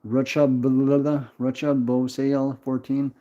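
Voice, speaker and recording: A man's voice: medium pitch, little pitch movement, measured pace, warm tone. A man in his twenties chatting on a casual livestream, rambling, swearing and answering chat. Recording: dull lo-fi stream audio.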